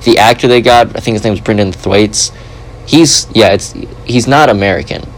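A man hosting a podcast in casual chat, rambling and joking with animated asides. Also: on the low side, moderate pace, rough recording. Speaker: podcast host.

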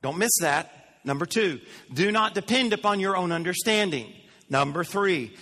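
A man's voice: fairly high pitch, expressive, a little slow, sharp tone, long reverb tail. A man preaching a sermon to his congregation, emphatic, asking them questions and repeating his phrases. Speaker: pastor. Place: church sanctuary.

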